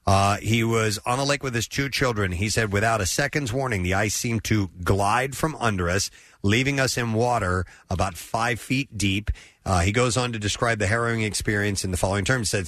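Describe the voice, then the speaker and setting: A man's voice: fairly low pitch, normal speed, a bit bright, dry recording, clean studio sound. A man hosting a casual podcast chat, reading an old news article aloud with hesitant fillers. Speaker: podcast host.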